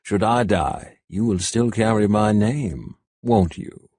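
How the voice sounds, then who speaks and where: A man voicing a cold, mocking male warlord who speaks slowly and deliberately. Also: lowish voice, a little mellow, no room sound, studio quality.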